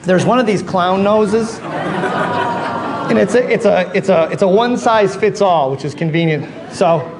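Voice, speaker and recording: High-voiced man telling stories on stage. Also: a little slow, a crowd in the background. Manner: animated, acts out quoted dialogue. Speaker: motivational speaker. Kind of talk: keynote speech storytelling. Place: on stage before a live audience. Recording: live audience laughter, noisy room.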